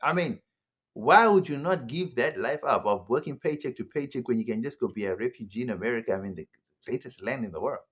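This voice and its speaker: A man's voice: medium pitch, lively intonation, a little fast, fairly bright tone, breathy edge, highs cut off. A man giving a sarcastic opinion commentary monologue, full of rhetorical questions. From South Africa. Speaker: online commentator.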